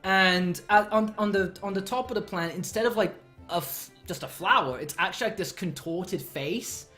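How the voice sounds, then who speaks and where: A man narrating as game master, improvising scenes in a halting, laughing way. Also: high voice, sharp tone, faint music behind.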